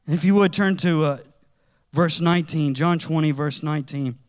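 A man preaching a sermon in a conversational, animated way, with casual slang as he tells stories. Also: on the high side, moderate pace.

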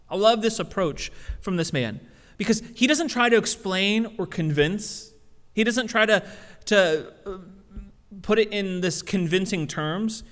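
High-voiced man preaching in a reverberant hall. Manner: casual, animated preaching with frequent restarts. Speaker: pastor. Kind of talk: sermon.

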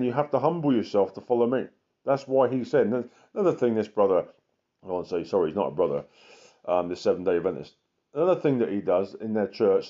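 A man preaches as an evangelist, driving his points home with emphatic repetition. His voice is mellow and warm and sits at a middle pitch. The recording sounds muffled and lo-fi. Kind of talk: sermon.

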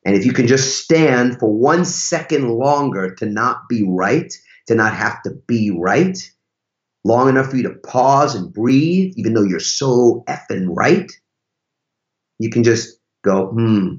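A man with a medium-pitched, animated voice and a measured pace guests on a podcast as a relationship teacher. He speaks emphatically and casually, posing rhetorical questions, in a conversational interview with roomy, slightly dull sound.

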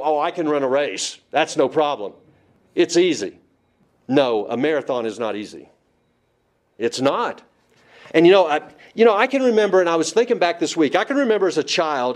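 A man preaching a sermon, emphatic and asking the congregation rhetorical questions. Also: fairly high pitch. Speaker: pastor.

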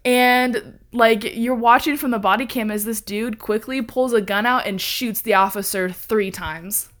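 A woman telling a story in a casual chat, animated, laughing often and swearing freely. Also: fairly high pitch, measured pace.

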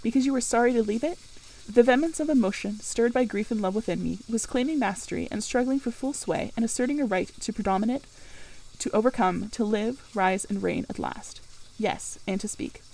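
A woman reading a classic novel aloud as narrator, in a measured, earnest way. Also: medium pitch, warm tone, rough recording. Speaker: audiobook narrator. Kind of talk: scripted narration.

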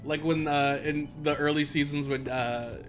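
A man co-hosting a podcast in casual chat, animated and laughing often as he quotes lines. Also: on the high side, normal speed, faint music behind. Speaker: podcast co-host.

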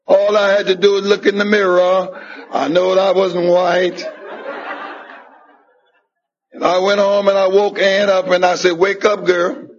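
A man's voice: high-pitched, flat delivery, measured pace, pauses often. A man speaking at a recovery meeting, telling his personal story and acting out what others said to him, on a dull lo-fi tape recording. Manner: storytelling with acted-out quoted dialogue. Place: meeting hall.

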